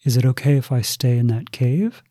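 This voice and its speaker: Male preacher playing a soft-spoken, accommodating sage; husky, mellow tone. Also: mid-range voice, normal speed, no room sound, studio quality, natural voice. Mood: gentle. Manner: mild and accommodating. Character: calm, gentle male spiritual teacher. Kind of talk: storytelling quotes in a Buddhist sermon.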